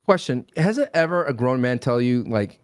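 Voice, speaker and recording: A man co-hosting a podcast in casual chat, joking and dropping quick interjections into the talk. His voice is recorded close and dry, with no room echo. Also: medium pitch, animated. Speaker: podcast co-host.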